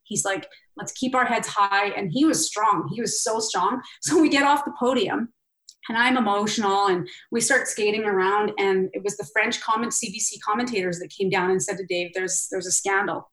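A woman's voice: medium pitch, moderate pace, low-quality recording. A middle-aged woman, an interview guest, recounting a past competition candidly, acting out what people said, with many fillers. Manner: candid, animated, lots of fillers and acted-out quotes. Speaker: interview guest, former Olympic pairs skater. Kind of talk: emotional personal storytelling.

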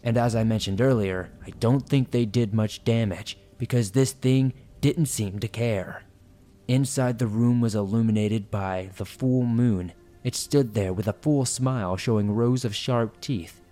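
A man's voice: medium pitch, a little slow, dark tone, faint music behind. A man reading listener horror stories aloud in a suspenseful storytelling manner.

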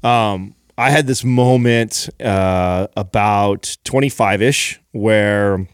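A middle-aged man with a fairly low voice talks in relaxed podcast chat. He reflects out loud, pausing on "uh" and "um" as he works through his thoughts. The recording is close and dry. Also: clean tone, no echo. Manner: relaxed, reflective, many fillers. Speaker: podcast co-host, fitness business leader. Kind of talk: casual chat.

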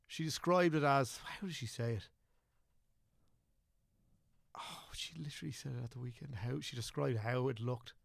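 Brief: young Irish man, podcast guest, gravelly voice, dry close mic, loose rambling talker. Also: medium pitch, normal speed, long pauses, no room sound. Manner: rambling, self-correcting, chatty. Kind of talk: casual podcast chat.

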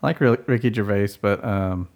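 A man's voice: lowish voice, normal speed, darkish tone. A man co-hosting a movie podcast, laid-back and hesitant, trailing off as he chats. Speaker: podcast co-host. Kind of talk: casual movie podcast chat.

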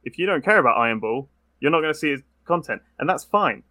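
A young British man talks in a relaxed podcast conversation, jumping into little acted-out quotes as he goes. His voice is bright and forward, recorded close and dry with no room around it. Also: a little high, no echo. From Britain. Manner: quick, animated, acts out quotes. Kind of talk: casual podcast chat.

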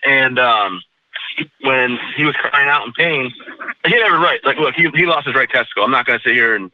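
A man, an Army veteran, calmly recounting a personal story in a remote interview, matter-of-fact and self-deprecating. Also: medium pitch, fast talker, lo-fi sound, background noise.

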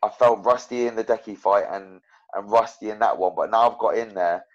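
Low-voiced fighter, rambling frankly. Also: male voice, fairly quick, lo-fi sound. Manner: rambling, self-correcting, frank about his own loss. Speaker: MMA fighter guest. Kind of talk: casual interview chat.

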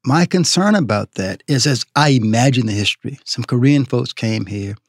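A man from the Southern United States, a writer and food critic, talking as a podcast guest in an animated, storytelling way. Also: medium pitch, moderate pace, no echo, studio quality. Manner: animated storyteller, acts out quotes. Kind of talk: interview conversation.

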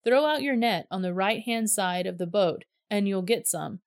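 A woman voicing a calm, gentle grown man who teaches, in a dry recording. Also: mid-range voice, normal speed, no room sound, lightly acted.

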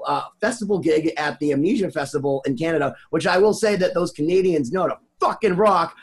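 A man co-hosting a podcast in casual chat, rambling and animated, swearing freely. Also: fairly high pitch. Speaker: podcast co-host.

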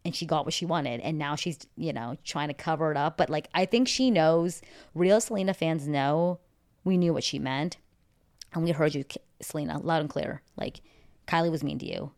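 A woman's voice: sits low, darkish tone. A young woman talking through celebrity gossip in a casual, opinionated way, full of asides and fillers. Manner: chatty, opinionated, fast asides, lots of "like". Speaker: pop culture commentator.

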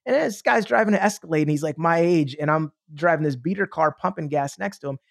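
A man who is a motivational speaker, telling a story as a podcast guest in an animated, enthusiastic way, acting out the dialogue. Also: a little high, fast talker, vocal fry, no echo, studio quality. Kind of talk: casual storytelling.

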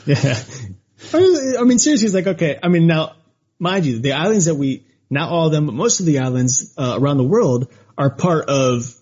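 A man co-hosts a podcast in easy, rambling chat, full of fillers and laughs. His voice is slightly husky. The recording sounds dull and lo-fi. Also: a little high, lively intonation, normal speed, darkish tone. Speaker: podcast co-host. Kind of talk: casual chat.

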